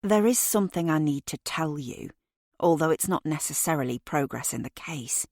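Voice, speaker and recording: A woman voicing a calm, polite female police detective who speaks in a measured, courteous way. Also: low-pitched, no echo, clean studio sound.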